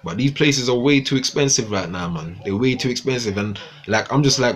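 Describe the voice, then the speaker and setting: A man's voice: fairly low pitch, a little fast, fairly bright tone. A young man ranting casually to viewers on a livestream, swearing often and repeating himself. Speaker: livestream host.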